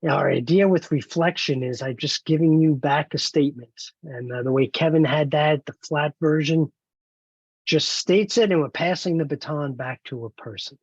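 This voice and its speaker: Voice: mid-range voice, normal speed, slightly rough, dry recording, highs cut off. A trainer leading an online training webinar, encouraging and explaining step by step over a video call.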